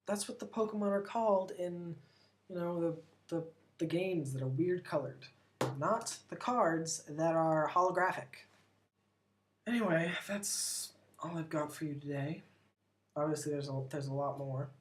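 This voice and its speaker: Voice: medium pitch, a little slow. An American vlogger living in Britain, rambling casually and talking with lots of "like" and strong opinions. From United States. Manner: chatty, rambling, full of "like", opinionated. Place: lives abroad in Britain.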